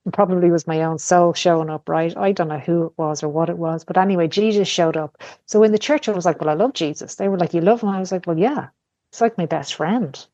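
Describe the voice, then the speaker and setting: Low-voiced woman telling candid stories. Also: a little fast, warm tone, no room sound. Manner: candid storytelling with casual swearing. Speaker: podcast guest. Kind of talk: casual conversation. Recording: dull lo-fi podcast audio.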